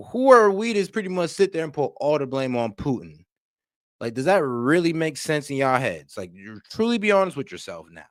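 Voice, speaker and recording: A man's voice: mid-range voice, a bit bright, dry recording, studio quality. A man co-hosting a reaction video, chatting in a casual, slangy way and firing off rhetorical questions. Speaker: co-host reacting.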